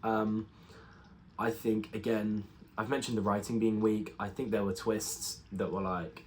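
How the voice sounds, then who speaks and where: A man's voice: on the low side, normal speed, slight background noise. A young man giving a casual spoken film review, rambling with many fillers and restarts. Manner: rambling, full of ums and restarts.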